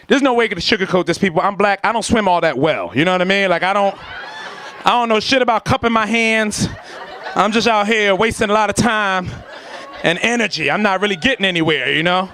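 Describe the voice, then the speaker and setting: A man doing a stand-up comedy set, telling a story with lively acted-out voices and shouts before a laughing audience. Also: high-pitched, a little fast, some chatter behind.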